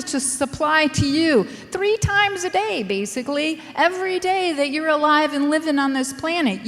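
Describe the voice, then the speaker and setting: A woman's voice: high voice, big-room sound. A woman from Minnesota with a Scandinavian-tinged Minnesota accent, giving an emphatic, wry conference lecture full of rhetorical questions. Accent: Minnesota with a Scandinavian lilt. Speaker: soil scientist giving a lecture.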